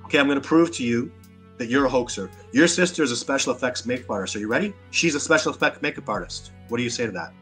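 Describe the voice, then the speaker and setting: Over faint background music, a Canadian Sasquatch researcher being interviewed speaks rapid-fire in a mid-range, slightly bright voice. His animated delivery is emphatic and combative, with words repeated as he gets worked up.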